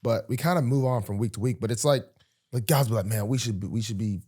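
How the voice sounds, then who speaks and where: A young man, a football player co-hosting a podcast, talking casually in halting phrases full of restarts. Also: medium pitch, warm tone, breathy edge. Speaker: pro football player, co-host.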